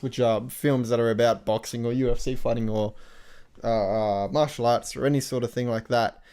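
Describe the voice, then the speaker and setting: A man's voice: mid-range voice, a little mellow, smooth. A man co-hosting a casual film review podcast, telling stories animatedly and mimicking characters. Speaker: podcast co-host.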